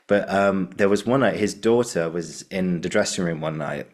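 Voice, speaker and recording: A man's voice: low-pitched, moderate pace. A man hosting a podcast, chatting casually and telling anecdotes with acted-out quotes. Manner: chatty storyteller, acts out quoted voices. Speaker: podcast host.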